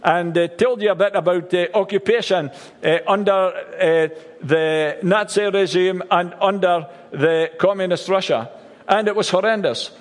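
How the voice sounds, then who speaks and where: A man preaching a sermon for an online service, halting and repeating words with wry asides. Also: high voice, in a large hall. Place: church service streamed online.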